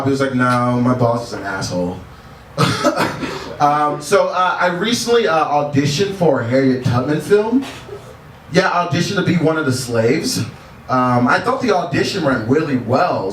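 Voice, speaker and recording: A man's voice: on the high side, a bit bright, slight background noise. A man doing a stand-up set, laid-back and chuckling between his jokes. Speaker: stand-up comedian. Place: bar stage. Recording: echoey bar heard from a distance. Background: bar ambience.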